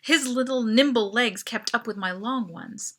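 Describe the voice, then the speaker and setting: A woman author reading her own novel aloud as lively, expressive first-person narration. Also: on the high side, a little slow.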